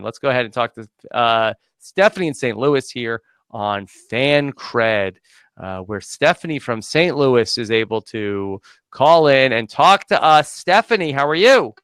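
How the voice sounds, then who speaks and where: A man hosting a live aftershow, upbeat and quick as he brings callers on. His voice is smooth and clear, at a middle pitch, in a dry and close recording. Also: a bit bright, no echo. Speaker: host.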